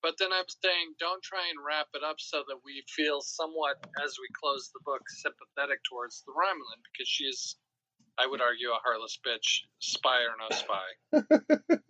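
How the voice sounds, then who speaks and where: A man's voice: mid-range voice, fairly even intonation, brisk, sharp tone, lo-fi sound. A man co-hosting a casual book discussion podcast, wry and joking, asking questions. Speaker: podcast co-host.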